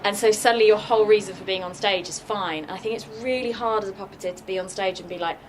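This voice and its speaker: A woman's voice: medium pitch, fast talker. A woman, a guest puppeteer in a casual Q&A, chatty with many likes and fillers. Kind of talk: casual Q&A talk. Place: festival workshop room. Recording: noisy live room recording.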